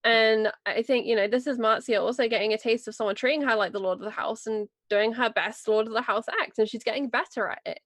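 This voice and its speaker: An opinionated woman breaks down a roleplaying game's characters in casual chat. Her voice sits a little high and sounds dry and close. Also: steady tone, fast talker, few pauses, no room sound. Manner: analytical, opinionated. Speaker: player discussing a roleplaying game. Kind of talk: casual discussion.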